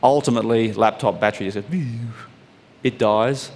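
A man preaching a sermon, telling stories and letting his voice climb high on emphatic points. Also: moderate pace, darkish tone. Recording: long hall reverb.

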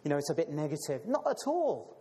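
Guy preaching, bit high voice, lots of ums and restarts, long echo like a big hall. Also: sing-song, brisk, warm tone. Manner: addresses listeners as brothers and sisters; frequent fillers and repeated words. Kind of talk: sermon with scripture reading.

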